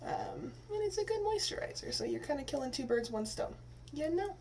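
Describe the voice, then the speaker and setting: Speaking a little fast, this woman has a high, darkish voice that swings widely in pitch. She's a Texas teacher who vlogs, rambling through a hair-dye tutorial in a chatty way with many fillers and restarts. Faint room noise and a slightly distant mic color the sound.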